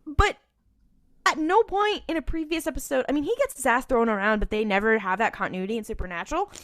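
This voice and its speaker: A woman's voice: a little high, quick pace, fairly bright tone. A woman co-hosting a podcast, casually recapping an episode in a chatty way and acting out characters' lines. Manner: chatty storyteller who acts out lines. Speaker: podcast co-host.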